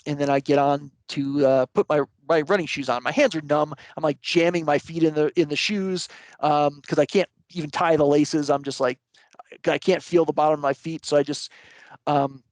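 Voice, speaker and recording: Higher-voiced man telling a story, dry sound. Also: no echo. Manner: rambling, many fillers and restarts. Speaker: interview guest. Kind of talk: casual storytelling.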